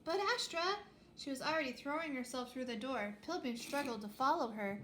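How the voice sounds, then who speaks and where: A woman reading a children's space adventure aloud with lively, expressive storytelling. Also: high voice, a little fast, a little hiss or hum. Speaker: reader.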